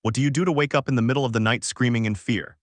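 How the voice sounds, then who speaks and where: A man's voice: medium pitch, rapid-fire, dry recording, lightly acted. A man reading as a pleading elf woman. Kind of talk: storybook dialogue reading.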